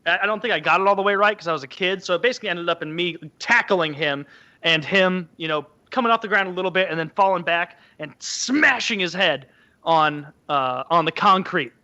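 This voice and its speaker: A man casually telling a childhood story on a podcast, animated and acting out the quotes in a high voice. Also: brisk, dull audio. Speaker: podcast co-host.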